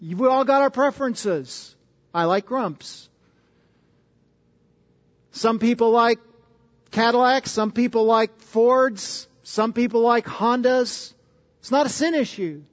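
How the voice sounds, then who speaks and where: A man's voice: very high voice, takes it slowly, long pauses. A man preaching a sermon as pastor, earnest and emphatic, pressing hard on key words. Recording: dull sound with long hall reverb.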